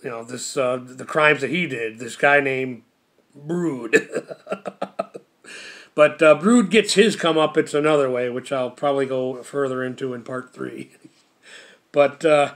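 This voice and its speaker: A man's voice: medium pitch, measured pace, long pauses. A man casually recapping a TV episode, laughing constantly and rambling with lots of fillers. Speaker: show reviewer.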